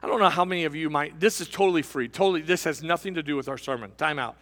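A man with a high voice preaches a sermon from a pulpit, leaning on emphatic repeats and slipping into quiet, conversational asides. His voice carries with a long reverb, as in a church sanctuary. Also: quick pace. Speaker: pastor.

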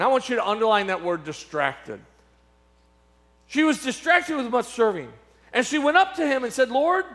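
A middle-aged man preaching from the pulpit in a high, ringing voice. He repeats his key phrases and leans into dramatic pauses. His volume rises and falls as he drives each point home. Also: fairly bright tone. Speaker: pastor. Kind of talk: sermon.

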